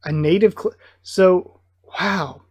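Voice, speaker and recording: Excitable reaction host reading a comic chapter out loud, gets hyped a lot. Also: medium pitch, slow, husky. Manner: excitable, bursts of enthusiasm between plain read-aloud passages. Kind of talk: live reaction while reading aloud.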